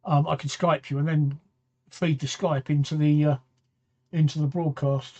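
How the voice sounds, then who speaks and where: A man's voice: fairly high pitch, level tone, moderate pace, dark tone, muffled recording. A man, hosting a late-night talk stream, rambling and repeating himself as he answers viewer comments. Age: 60s. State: tired, yawning late at night. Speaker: talk show host. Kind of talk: casual live-stream chat.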